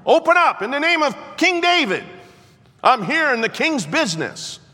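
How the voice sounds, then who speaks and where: A man's voice: mid-range voice, faint music behind. A preacher doing a dutiful king's messenger. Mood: commanding. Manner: brisk, insistent, calls out loudly. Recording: long hall reverb.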